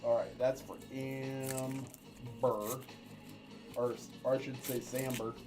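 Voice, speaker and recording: A man's voice: medium pitch, fairly even intonation, slow pace, music in the background. A man co-hosting a casual livestream, rambling in chat and calling races with playful jokes. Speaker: livestream co-host.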